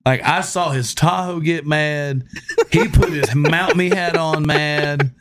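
Man telling a lively road story. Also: fairly high pitch, takes it slowly, heavy background noise. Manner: lively, acts out the other people in his story and laughs between lines. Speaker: fire department lieutenant. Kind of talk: casual podcast storytelling.

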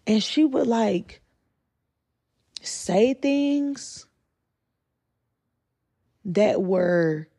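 A woman's voice: medium pitch, animated, drawn-out words, pauses often, dark tone, husky. A woman, telling a candid, profane story and acting out quotes. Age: 20s. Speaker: storyteller vlogger. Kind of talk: casual storytime.

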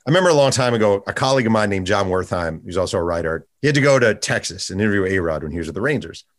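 Fast-talking low-voiced male podcast host. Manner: quick, lively questions and reads aloud from a book. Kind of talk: casual interview conversation.

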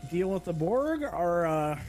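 A man player in a tabletop game, weighing options hesitantly and deferring to others. His voice is somewhat higher than usual for a man. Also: very animated, a little slow, darkish tone, a little hiss or hum. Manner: hesitant, easygoing. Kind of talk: casual game chat.

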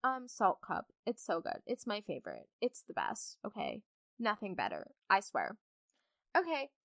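A woman's voice: mid-range voice, huge pitch swings, unhurried, gravelly, a bit bright, no room sound, clean studio sound. A young woman hosting a podcast, chatting in a bubbly, rambling way full of asides. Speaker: podcast host. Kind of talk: casual storytime chat.

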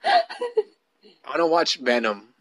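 A man's voice: fairly high pitch, wildly swooping pitch, measured pace. A man co-hosting a casual couple podcast, joking crudely and swearing often. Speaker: podcast co-host.

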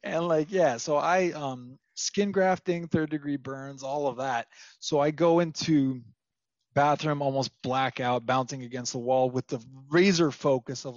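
A man's voice: fairly high pitch, unhurried, no room sound, dull audio. A young man from Minnesota, a podcast guest, telling a story casually with lots of fillers and laughs.

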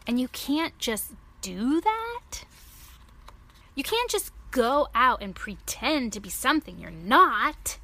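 A woman voicing an anxious, earnest male elephant, reading a picture book aloud in a slow, fretful way. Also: sits high, very animated, sharp tone, heavily acted. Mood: amazed.

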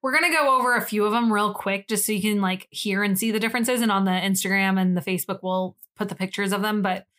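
A woman's voice: mid-range voice, fast, few pauses, fairly bright tone. A young woman co-hosting a podcast in casual chat, rambling and giggly, swearing casually. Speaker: podcast co-host.

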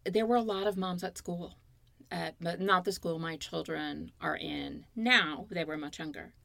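A woman in her fifties speaks as an interview guest, her low voice carrying a gravelly edge. She tells her story earnestly and openly, close to a dry-sounding mic. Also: a little slow, bright, forceful tone, dry recording. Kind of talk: candid interview conversation.

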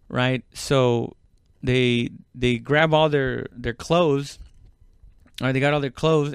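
With a smooth, medium-pitched voice, this man rambles through a casual story, restarting often and filling gaps with fillers. Profanity flows freely, and he acts out quoted speech loudly. The studio sound is clean, with no room sound.

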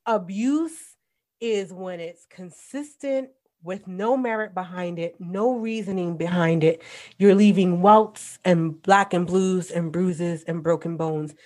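Blunt, animated woman telling stories. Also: fairly low pitch, slow. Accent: New York. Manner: blunt, animated storytelling with laughs. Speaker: podcast guest. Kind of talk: casual podcast chat.

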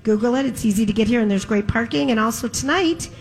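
A woman hosting a live radio broadcast, chatty and playful with quick asides. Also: a little high. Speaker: radio host.

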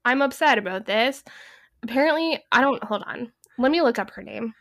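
A woman's voice: a little high, expressive, moderate pace, a bit bright. Rambling, cursing young woman. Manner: rambling, profane, heavy use of "like". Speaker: podcast co-host. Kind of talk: casual movie review chat.

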